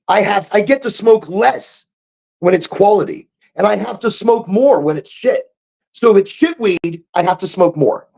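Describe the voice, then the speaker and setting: High-voiced stoned man rambling on a stream. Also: vocal fry, a little mellow, muffled recording. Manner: rambling, repeats himself, chuckles at his own jokes. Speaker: podcast host. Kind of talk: casual rambling livestream chat.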